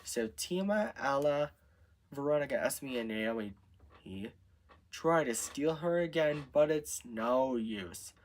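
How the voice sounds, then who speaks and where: A man improvising a story out loud, narrating in a halting way with restarts. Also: medium pitch, expressive.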